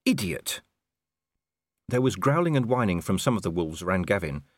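Male audiobook reader, deep voice with varied melody, dry studio sound. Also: expressive, fast talker, no echo. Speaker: audiobook narrator. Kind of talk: scripted narration.

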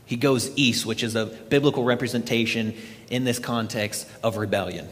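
A man's voice: mid-range voice, moderate pace. Preaching man in a reverberant hall. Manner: animated storytelling preacher. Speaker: pastor. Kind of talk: sermon.

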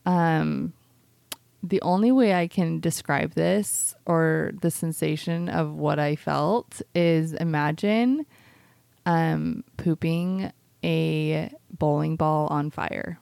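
A woman's voice: low voice, slow pace, vocal fry, darkish tone, clean tone, no room sound. A woman co-hosting a casual podcast chat, rambling through a personal story with a constant "like". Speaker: podcast co-host.

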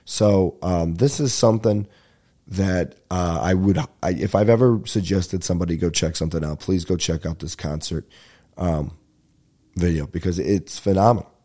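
A man with a low, mellow voice hosts a podcast alone, rambling in a loose, profane, excitable way. His voice sounds stuffed up and nasal. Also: moderate pace. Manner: profane, excitable, breaks into bits of singing. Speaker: podcast host. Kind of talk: casual rambling monologue.

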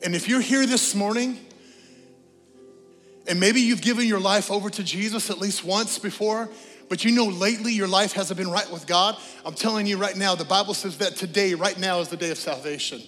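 A high-pitched man preaches a sermon from the pulpit, moving from animated storytelling to a soft, prayerful invitation. His voice carries a long church reverb, with faint music underneath. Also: moderate pace. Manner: animated storytelling, then a quiet prayerful altar call. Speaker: pastor. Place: church sanctuary.

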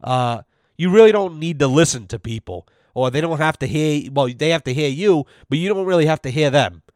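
A podcast host tells a long, profane story in a rambling casual rant, acting out the voices of the people in it. His voice is a little high, a little mellow, and a little fast with lively intonation, captured as a dry, clean studio recording.

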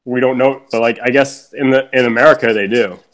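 A man's voice: mid-range voice, fairly even intonation, fairly quick. A young man from Canada co-hosting a podcast, laid-back and teasing, talking with lots of fillers. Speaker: podcast co-host. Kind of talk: casual chat.

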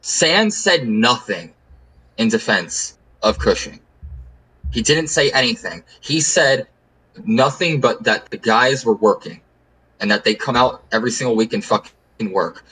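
A man's voice: mid-range voice, lively intonation, measured pace, bright, forceful tone, breathy edge, rough recording. A man hosting a casual sports podcast, making his point with emphatic, repetitive phrasing. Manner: emphatic, repeats words while building an argument. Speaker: podcast host.

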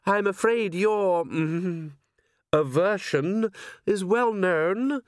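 Silky vampire lord, man doing him, way up high, slow and sly, dry close sound. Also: dry recording. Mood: unruffled evasive. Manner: smooth, mock-polite, drawn-out. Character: suave, silky male vampire nobleman, sly and unruffled. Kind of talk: audiobook character voice.

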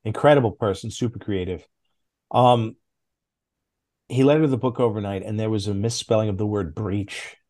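Animated middle-aged man spinning anecdotes. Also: moderate pace, long pauses. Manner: animated anecdotes, with big jumps in pitch. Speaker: guest, former comics editor. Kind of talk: casual podcast storytelling.

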